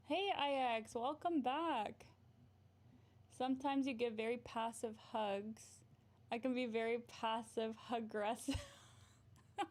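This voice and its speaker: A woman's voice: on the high side, a little mellow. A woman therapist hosting a casual livestream, chatting in a bubbly way, often giggling and answering her viewers' comments.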